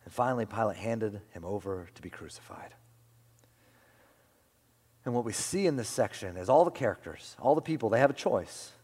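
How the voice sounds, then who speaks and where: A man preaching a sermon as pastor, swinging from loud emphatic lines to hushed whispers. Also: lowish voice, animated, normal speed, long pauses, breathy edge. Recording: long hall reverb.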